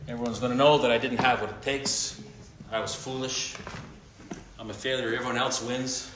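Animated preacher man in an echoey room. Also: mid-range voice, moderate pace. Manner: animated, swings between quiet and emphatic. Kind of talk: sermon. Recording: echoey room with faint noise.

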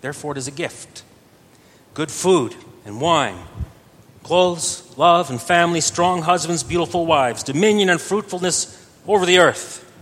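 A man preaching a sermon earnestly, his voice swelling louder on key phrases. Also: a little slow. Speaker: pastor. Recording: reverberant church hall with faint rumble.

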